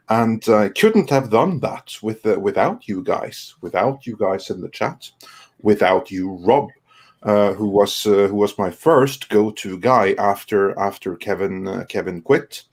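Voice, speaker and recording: Husky guy thanking folks on a stream, lots of uhs. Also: on the low side. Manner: halting, many uh fillers. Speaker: channel founder and host. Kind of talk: casual livestream chat.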